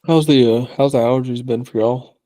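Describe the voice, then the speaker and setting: A man's voice: medium pitch, fairly even intonation, a little fast, mellow. A man co-hosting a podcast, chiming in with short questions and dry quips in casual chat. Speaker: podcast co-host.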